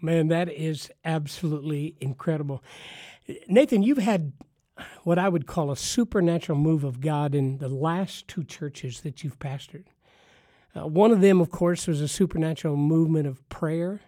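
A man's voice: fairly high pitch, moderate pace, mellow, no echo, clean studio sound. A man hosting a podcast for pastors, talking in an emphatic, preacherly way with punchy repetition. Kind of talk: enthusiastic ministry podcast talk.

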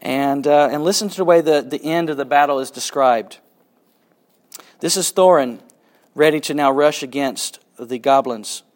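A man giving a literature lecture, reading passages aloud with dramatic swings between excitement and hushed quiet. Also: on the high side, moderate pace. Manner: dramatic reading, rising with excitement and dropping to a hush.

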